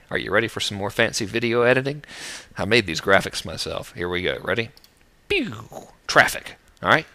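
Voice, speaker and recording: A man's voice: medium pitch, pushed and bright. A middle-aged man teaching list building in a casual, jokey, self-mocking video talk.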